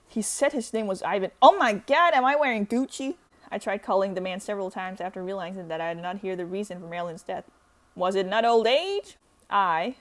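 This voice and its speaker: A woman's voice: medium pitch, expressive, brisk. A woman reading a visual novel aloud, breaking in with dramatic outbursts and jokey asides. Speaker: gaming streamer.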